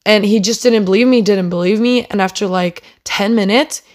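Young non-native English-speaking woman, casual storyteller, animated and indignant, mid-pitched. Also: moderate pace. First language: not English. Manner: animated, indignant retelling with fillers. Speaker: vlogger telling a story.

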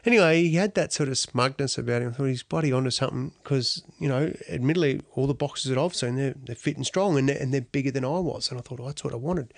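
Middle-aged Australian athlete, blunt and salty, telling stories in a dry, close recording. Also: male voice, medium pitch, no echo. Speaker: interviewee, athlete. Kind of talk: storytelling interview answer.

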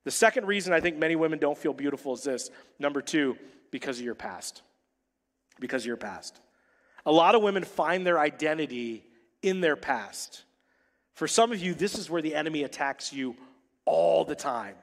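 Pastor preaching in an echoing church hall. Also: male voice, on the high side, expressive. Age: adult, married. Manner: humorous, punchy delivery with dramatic pauses. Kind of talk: sermon. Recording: long reverb of a church hall.

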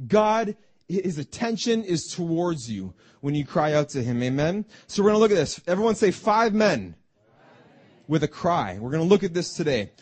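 A middle-aged man preaching a sermon in a church, often restarting words and asking the congregation "Amen?". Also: sits high. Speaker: pastor.

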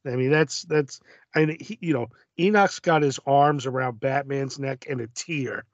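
A man's voice: mid-range voice, a little slow, dry recording, dull audio. A man co-hosting a casual chat about comic books, making dry, wry remarks. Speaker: podcast co-host.

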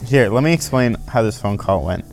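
A man's voice: mid-range voice, lively intonation, brisk, darkish tone. A young man co-hosting a podcast in casual chat, joking and retelling a phone call with his friend. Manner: joking, bossy storyteller, acts out phone calls. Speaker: podcast co-host.

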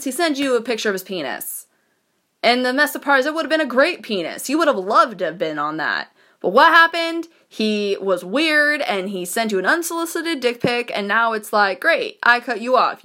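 Blunt, profane woman ranting casually. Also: medium pitch. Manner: blunt, profane, animated, laughing often. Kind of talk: casual rant.

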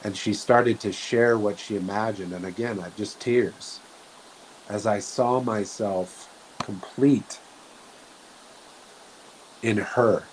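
A man with a lowish voice talks in a slow, earnest, reflective way about inner growth, often stopping and restarting mid-thought. A faint hiss runs under the recording. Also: fairly even intonation, low-quality recording. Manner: slow, soft-spoken, earnest, with frequent restarts. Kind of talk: reflective spiritual talk.

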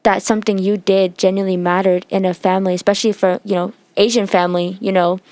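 A woman's voice: mid-range voice, little pitch movement, quick pace, darkish tone, dry recording. Teen girl telling a heartfelt story, dry sound. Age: teens. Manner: heartfelt, tearful at times, many fillers. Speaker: student sharing a personal story. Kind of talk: emotional personal storytelling.

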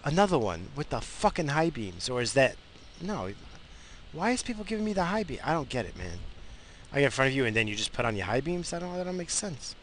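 A man's voice: medium pitch, very animated, a little fast, fairly bright tone, slight background noise. A tired man hosting his own show, talking in a casual, rambling way with many restarts and fillers while driving. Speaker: podcast host. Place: in a car, driving.

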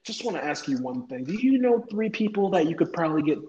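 A man's voice: fairly high pitch, very animated, fast talker, mellow, a little hiss or hum. A young man from North Carolina telling a story in casual chat, laughing and acting out what others said. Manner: laid-back, laughing, acts out quoted voices. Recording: echoey room, dull lo-fi sound.

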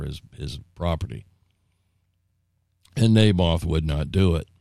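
A man with a very low, gravelly voice gives an informal Bible teaching, retelling scripture in his own words. He rambles a little, with asides and restarts, in a folksy storytelling way. The sound is dry and close, with no room echo. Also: darkish tone. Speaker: preacher.

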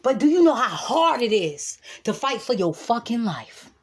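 Woman vlogger, husky voice, emphatic and profane, sermon-like repetition. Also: fairly high pitch, very animated, moderate pace. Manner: repeats lines for emphasis. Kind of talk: motivational monologue to camera.

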